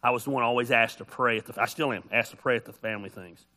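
A middle-aged man with a mid-range voice preaches fast as a pastor, delivering a folksy, joking sermon. He tells his stories in an animated way and acts out the voices of the characters.

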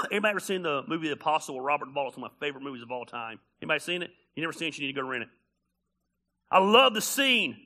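A male pastor preaching a sermon, animated and conversational, blunt and joking, swinging from loud bursts to quiet asides. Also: fairly high pitch, quick pace.

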